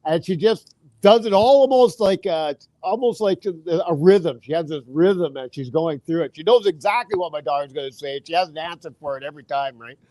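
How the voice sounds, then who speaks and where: A man's voice: on the high side, brisk, no room sound. A middle-aged man telling a family anecdote in casual chat, acting out the quotes. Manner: animated anecdote with acted quotes and laughs. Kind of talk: casual storytelling.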